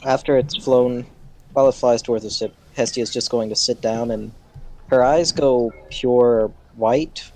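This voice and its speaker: A man at a tabletop game, calmly describing what his character does. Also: medium pitch, unhurried, poor audio. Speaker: player.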